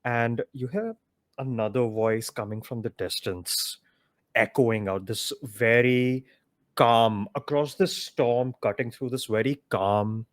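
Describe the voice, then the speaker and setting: A man's voice: medium pitch, takes it slowly, no room sound. A man narrating a tabletop game as dungeon master, casual and loose with many filler words.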